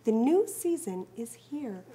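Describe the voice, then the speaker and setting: A woman voicing a calm, gentle mother deer, speaking softly in a storybook read-aloud. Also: a little high, unhurried, background noise. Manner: soft, quiet.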